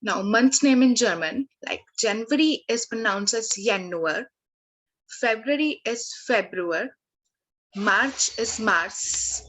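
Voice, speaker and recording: A woman language tutor giving a lesson, slowly working through word lists with frequent fillers and restarts. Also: fairly high pitch, fairly bright tone, low-quality recording.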